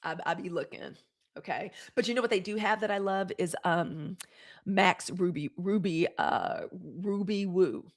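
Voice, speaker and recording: A woman's voice: mid-range voice, unhurried. A woman hosting a casual livestream, talking commentary and reading out live comments. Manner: animated, reads live comments aloud. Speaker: host.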